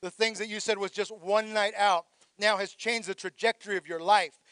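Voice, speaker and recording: A male pastor preaching a sermon, rising into shouted calls for praise and dropping quiet for reflective passages. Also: sits high, fairly even intonation, moderate pace, clear, resonant tone, dry recording.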